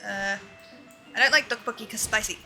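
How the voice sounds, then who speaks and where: A woman's voice: fairly high pitch, brisk, pushed and bright. A young adult woman streaming a video game, chatting casually with her viewers, laughing often and swearing freely. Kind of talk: casual gaming livestream chat. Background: faint game music.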